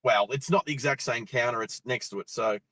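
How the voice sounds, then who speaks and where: A man's voice: mid-range voice, a little fast, sharp tone, no echo. Chatty Australian man talking while driving. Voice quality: chatty, laughs easily, many fillers. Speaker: driving vlog host. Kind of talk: casual storytelling while driving. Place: in a car on the road.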